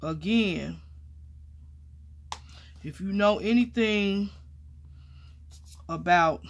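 A crafting vlogger chats casually while mounting stamps, excitable and calling viewers y'all and honey, then dropping to quiet murmurs as she works. Her voice is medium-pitched and her pace extremely slow.

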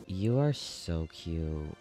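A man giving casual gameplay commentary, gushing and excitable with frequent gasps. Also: sits low, extremely slow, soft background music. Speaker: gaming video creator.

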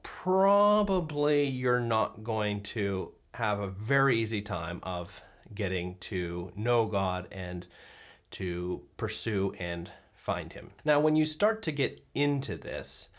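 A man with a fairly low voice hosts a relaxed talk on faith and daily life. He thinks aloud as he goes, pausing and restarting with plenty of "uh" and "um". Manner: thoughtful, halting, with many fillers and restarts. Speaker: host. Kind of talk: casual talk to camera on faith.

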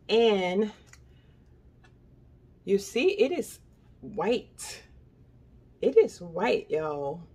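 Chatty older woman with a husky voice. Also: mid-range voice, a little mellow. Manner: chatty, repeats herself, keeps addressing viewers as y'all. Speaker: beauty product vlogger. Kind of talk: casual product review chat.

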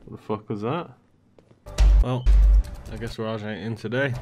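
A young man giving gameplay commentary, loud, swearing often and full of street slang. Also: lowish voice, fairly even intonation, unhurried, over music. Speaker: gaming YouTuber.

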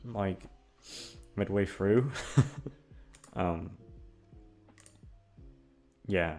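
Low slow guy chatting out of character, self-mocking and rambly, soft music faintly behind. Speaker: voice actor. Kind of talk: casual out-of-character chat.

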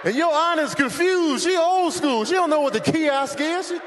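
Holding a mic in front of an audience that keeps laughing, a very high-voiced man delivers stand-up at an even, moderate clip. His energy is lively, and he regularly breaks into loud impersonations of airport workers while a soft background hum lingers.

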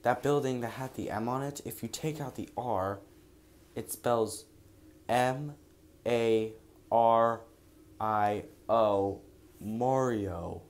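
A man giving casual, excitable commentary as he explores a game and jokes along the way. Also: mid-range voice, slow, long pauses. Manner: chatty, excitable, jokey narration while exploring. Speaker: gaming vlogger. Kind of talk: casual let's-play commentary. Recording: noticeable background noise.

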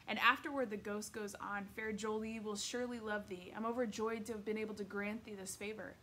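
A grand, theatrical boy ghost from an older age, put on by a woman reading a storybook aloud. He speaks in lofty, archaic turns with a slightly raised pitch and a projecting, emphatic delivery. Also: level tone, a little fast, bright, forceful tone, a little hiss or hum, natural voice. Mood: grandly insistent. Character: pompous teenage boy ghost from Shakespeare's era.

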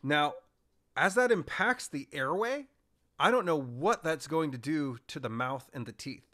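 A man's voice: fairly high pitch, measured pace, bright, forceful tone. A man, a breathwork coach, talking energetically and impulsively as a podcast guest, acting out his examples. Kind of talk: casual podcast conversation.

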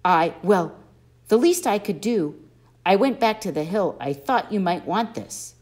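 A woman's voice: mid-range voice, animated, unhurried, a little mellow, close to an everyday voice. A woman voicing a nervous, sniffling young male satyr who keeps apologizing, in an audiobook. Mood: worried.

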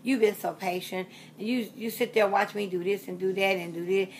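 A woman's voice: medium pitch, steady tone, moderate pace, a little mellow. A woman in her sixties talking casually to her viewers, chatty and rambling, often repeating herself and trailing off with fillers. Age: 60s. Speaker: reborn doll collector vlogger. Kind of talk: casual rambling vlog talk.

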